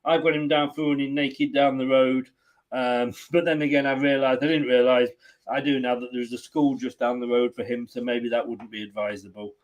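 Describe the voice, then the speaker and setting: A man's voice: medium pitch, level tone, normal speed. A man hosting a football watchalong stream, chatting casually, teasing and laughing often. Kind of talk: casual chat.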